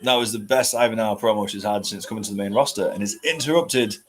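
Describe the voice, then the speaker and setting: A man's voice: fairly low pitch, fast talker. Chatty man hosting a stream. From United Kingdom. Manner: chatty, answers viewer comments with dry jokes. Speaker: host. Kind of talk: live stream chat.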